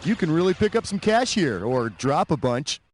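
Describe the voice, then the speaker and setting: A man's voice: fairly high pitch, sing-song, moderate pace, over loud music. Snarky quiz host guy, teasing the player, voice jumps all over the place. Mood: wisecracking. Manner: sarcastic, teasing, punchy comic delivery. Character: wisecracking, snarky adult male quiz show host. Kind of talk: scripted game show hosting.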